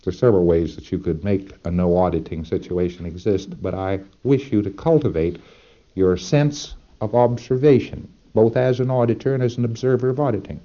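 Low-voiced man lecturing, dull lo-fi tape. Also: fairly quick, warm tone. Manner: folksy, emphatic, rhetorical asides. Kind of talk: lecture to trainees.

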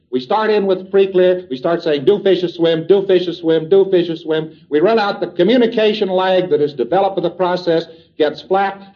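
Man lecturing on lo-fi old tape. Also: high-pitched. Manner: deliberate, step-by-step explaining with quoted dialogue. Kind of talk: recorded lecture. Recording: dull lo-fi old tape recording.

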